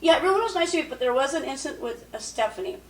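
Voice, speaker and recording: A woman's voice: high voice, animated, very fast, roomy sound, far from the mic, a little hiss or hum, rough recording. A woman telling stories in casual podcast chat, often acting out what people said. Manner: chatty, acts out quotes. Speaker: podcast guest. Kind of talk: casual storytelling.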